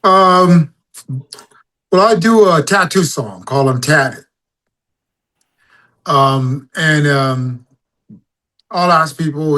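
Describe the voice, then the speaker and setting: A man's voice: a little high, very slow, pauses often. A man, a singer-songwriter guest, telling stories casually in an interview and acting out his own stage calls. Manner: animated storyteller, acts out crowd calls.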